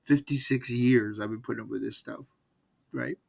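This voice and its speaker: A man's voice: mid-range voice, steady tone, normal speed, creaky. A man in his sixties giving a rambling, exasperated recap of his team's game in casual vlog talk, often repeating himself. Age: 60s. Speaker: sports fan vlogger.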